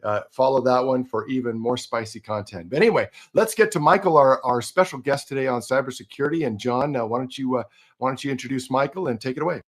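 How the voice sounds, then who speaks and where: A man's voice: medium pitch, fairly even intonation, fast talker. A man hosting a live online talk show, chatting loosely and joking about himself. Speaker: show host. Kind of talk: casual chat.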